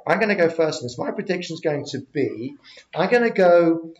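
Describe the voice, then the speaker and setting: A man's voice: a little high, expressive, normal speed. A middle-aged man hosting a casual sports chat, steering the talk and jumping from topic to topic. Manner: chatty, runs the show, jumps between topics. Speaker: podcast host. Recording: roomy, dull lo-fi recording.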